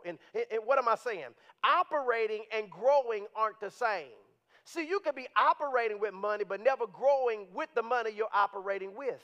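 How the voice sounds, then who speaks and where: A man preaching a sermon in a church, animated and conversational, at times rising to shouts. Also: high-pitched, fairly quick. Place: church sanctuary. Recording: dull, lo-fi sound.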